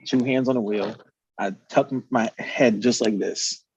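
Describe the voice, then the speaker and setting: A man telling a story in casual chat, animated and swearing, acting out the quotes. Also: mid-range voice, a little slow, highs cut off, slight background noise. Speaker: podcast host.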